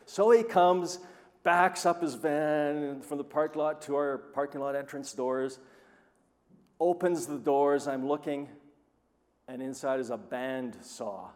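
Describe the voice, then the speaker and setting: A man preaching a sermon who tells stories with animated, acted-out quoted voices. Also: on the high side, takes it slowly, in a large hall. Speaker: pastor.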